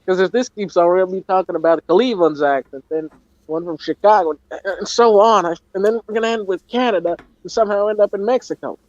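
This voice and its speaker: A man's voice: sits high, fast, a little mellow, no echo. A man joining a casual podcast chat as a guest, mostly giving brief, agreeable replies. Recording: dull lo-fi mic.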